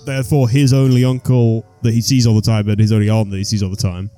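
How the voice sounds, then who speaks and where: A man's voice: fairly low pitch, level tone, fast, mellow, clean tone, faint music behind. Chatty man, laughing a lot. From Wales. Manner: rambling, laughs often. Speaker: podcast host. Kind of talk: casual comedy chat.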